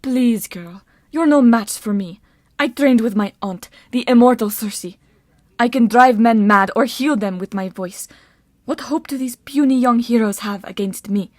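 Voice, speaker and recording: A woman's voice: fairly high pitch, measured pace, dry recording, studio quality, close to an everyday voice. Woman voicing a sneering sorceress. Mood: mocking. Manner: sneering and condescending. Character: haughty scheming sorceress woman, mocking.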